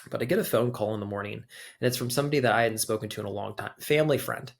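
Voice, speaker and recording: Talking very fast at medium pitch with vocal fry, this young adult podcast guest shares a personal story. His conversation is loose and casual, heavily peppered with "like."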